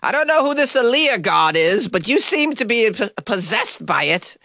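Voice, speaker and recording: A man voicing a shrill, accusatory puritan witch-hunter from centuries past. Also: very animated, moderate pace, gravelly, pushed and bright, dry recording, studio quality, exaggerated voice. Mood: accusing. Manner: shrieking and accusatory.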